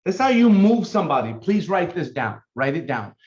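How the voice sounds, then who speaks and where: A man's voice: fairly high pitch, very animated, brisk, darkish tone, muffled recording. A man giving a fired-up, emphatic motivational sales talk to his team. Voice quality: fired up, emphatic, intense delivery. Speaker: team leader.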